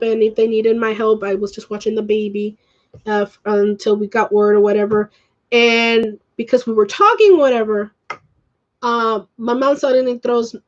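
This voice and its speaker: A woman's voice: a little high, dull audio. A woman vlogger ranting to the camera at home, upset and swearing, slipping in Spanish phrases. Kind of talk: emotional rant to camera.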